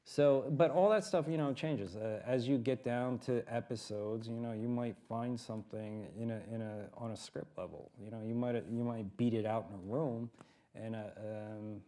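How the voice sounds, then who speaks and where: A man's voice: medium pitch, fairly even intonation, normal speed, mellow. A man on a writers' panel giving practical advice in a hesitant way, full of fillers. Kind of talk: panel discussion answers.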